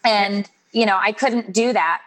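On a low-quality recording, a woman in her forties, an author, tells stories in a relaxed interview and does playful voices when quoting people. Her voice sits mid-range, a bit bright, and she talks a little slowly in a loose, conversational way.

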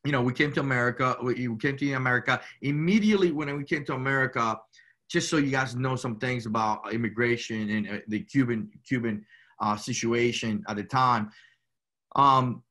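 Bright-voiced Cuban-born man telling his story. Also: medium pitch, normal speed. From Cuba. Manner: rambling, peppers speech with "you know" and "man". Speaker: guest. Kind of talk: casual storytelling.

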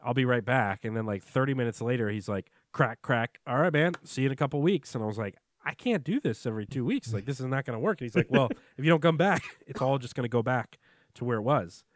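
A man's voice: medium pitch, quick pace, dry recording, studio quality. A young man co-hosting a podcast, telling a rambling story and laughing as he talks. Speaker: podcast co-host. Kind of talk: casual chat.

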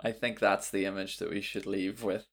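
A man's voice: low-pitched, flat delivery, moderate pace, a bit bright, a little hiss or hum. A man hosting a podcast, chatting casually and playfully while reading out listener suggestions. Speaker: podcast host. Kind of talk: casual chat.

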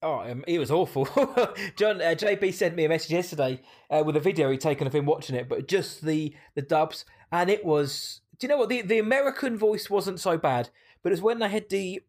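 Lively man reviewing films. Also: on the high side. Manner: animated and emphatic, quick to laugh. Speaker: podcast co-host. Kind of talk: casual movie-review chat.

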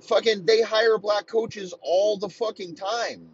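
A man in his thirties delivering a heated, profane comedic rant, talking in rapid-fire bursts. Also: high voice, husky, dull audio. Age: 30s.

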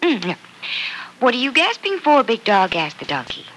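A patient young woman reading a fairy tale aloud to a child. Her pitch moves in lively swings and her tone is bright. The style is 1940s radio drama. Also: normal speed, slight background noise, low-quality recording. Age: young adult. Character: young bride-to-be, kind aunt figure.

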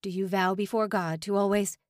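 Gentle old man, pious, calm and steady, woman reading the part, dry close sound. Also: medium pitch, a little fast, dry recording, lightly acted. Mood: solemn. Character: kindly old male prisoner officiating a wedding.

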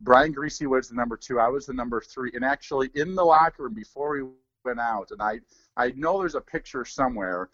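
A man in his forties, a former pro football player, talking through sports in a relaxed, rambling way with many fillers. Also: medium pitch, brisk, no echo, dull audio. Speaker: former NFL player, guest analyst. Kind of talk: casual sports talk.

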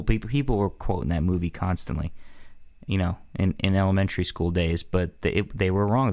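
A man's voice: sits low, darkish tone. A man hosting a casual podcast chat, asking quiz questions and often restarting his sentences. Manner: quizzing, restarts mid-sentence. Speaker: podcast host quizzing co-host.

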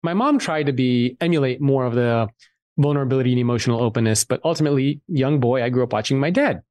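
A man guest on a podcast, telling a personal story in a candid, animated way and swearing freely. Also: medium pitch, fast, dry recording, studio quality. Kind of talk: casual storytelling interview.

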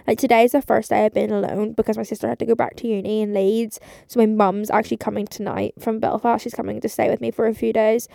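Gravelly-voiced young woman rambling from bed. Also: a little high, flat delivery, fast talker, hardly any pauses, mellow, no room sound, studio quality. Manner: rambling, swears freely, many fillers. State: drowsy, recovering from surgery. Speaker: podcast host. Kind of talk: casual voice-note chat. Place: bedroom, lying in bed. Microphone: phone voice note.

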